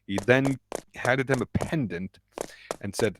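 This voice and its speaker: A man reading a fan-written story aloud, stumbling and restarting lines and raising his voice for the characters. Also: noisy background. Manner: halting reading with restarts, pushed-up pitch for quoted lines. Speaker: fanfic reader.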